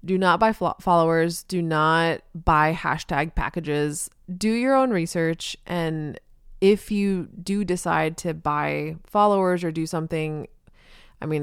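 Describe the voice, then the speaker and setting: A woman's voice: low-pitched, smooth, dry recording. A woman hosting a casual solo podcast, chatty and upbeat with many ums, talking in a podcast studio furnished with a couch and rug. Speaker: podcast host, social media marketer.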